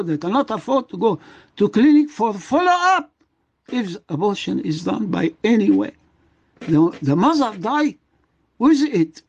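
A man's voice: sits high, gravelly, lo-fi sound. An older man, a guest doctor, speaking with emotion and emphasis in a radio interview, often repeating his words. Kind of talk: impassioned radio interview talk.

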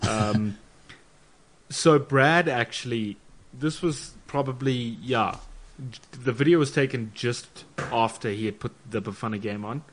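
A man's voice: medium pitch, a little slow, a little hiss or hum. A male podcast co-host who talks in a sheepish, self-deprecating way. He hesitates often and pads his sentences with ums. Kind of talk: casual podcast chat.

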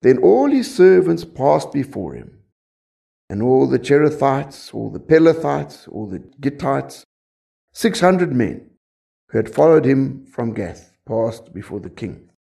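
Guy preaching a sermon, gravelly mellow voice, keeps asking the room if they get it. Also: mid-range voice, very animated, unhurried. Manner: conversational preaching, checks in with congregation.

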